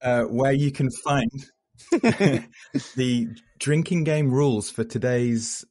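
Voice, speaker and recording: A man co-hosting a podcast, talking casually and calmly explaining how things work. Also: mid-range voice, slow. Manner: relaxed, explanatory. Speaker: podcast co-host. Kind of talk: casual chat.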